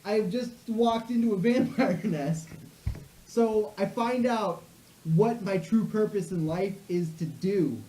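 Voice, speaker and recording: A woman's voice: mid-range voice, dark tone, reverberant, a little hiss or hum, rough recording. A woman improvising a comic story, laughing as she goes. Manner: slow, laughing as she talks.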